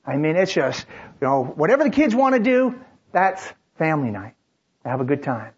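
Husky man preaching a sermon story. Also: on the high side, sing-song, moderate pace, highs cut off. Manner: tells a story in third person with short dramatic lines and repeated restarts. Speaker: pastor.

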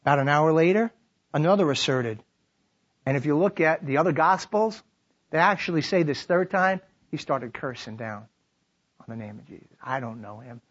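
A man preaching a sermon, animated, acting out quoted lines and dropping to a hushed tone to reflect. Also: on the high side, normal speed, slightly rough. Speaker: pastor. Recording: dull lo-fi sermon recording.

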